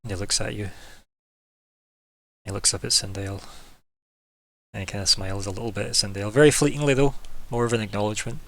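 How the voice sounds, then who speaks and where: Hesitant low-voiced man narrating a game. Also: fairly even intonation, a little fast, pauses often, fairly bright tone, rough recording. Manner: hesitant, full of fillers like "um" and "like". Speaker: game master.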